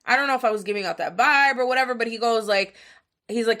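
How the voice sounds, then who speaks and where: Brisk and sharp-toned, with a fairly high voice, a woman in her twenties hosts a podcast. She tells a long story casually, rambling, cursing and using lots of filler words.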